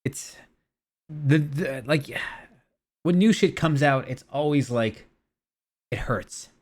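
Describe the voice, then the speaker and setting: A man streaming a video game in casual, rambling commentary. He often trails off into quiet mumbles. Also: on the high side, takes it slowly.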